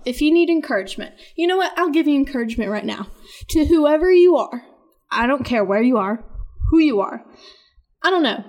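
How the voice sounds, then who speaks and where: A woman hosting a podcast, talking casually in an earnest, rambling and encouraging way. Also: high voice. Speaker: podcast host.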